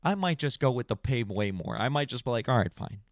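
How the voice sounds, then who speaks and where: Animated young man rambling on a stream. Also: mid-range voice, a little fast, no room sound, clean studio sound. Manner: rambling, animated storyteller, says "bro". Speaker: podcast host. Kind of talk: casual late-night stream chat.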